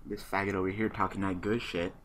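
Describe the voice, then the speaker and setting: A man's voice: deep voice, little pitch movement, fast talker, a bit bright, a little hiss or hum. A man giving casual commentary while playing an online card game, muttering his moves to himself and then laughing and ranting at an opponent who quit. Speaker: gaming channel host.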